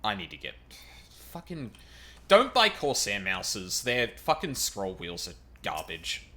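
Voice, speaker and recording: A man's voice: fairly low pitch, wildly swooping pitch, a little slow, pushed and bright. A man streaming a game, chatting casually with wry remarks and frequent swearing. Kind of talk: casual gaming commentary.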